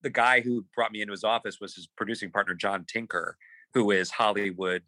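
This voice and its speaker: A man telling a story as a podcast guest, animated, repeating words as he acts out quotes on a close mic. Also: fairly low pitch, a little fast, no room sound, poor audio. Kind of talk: casual storytelling.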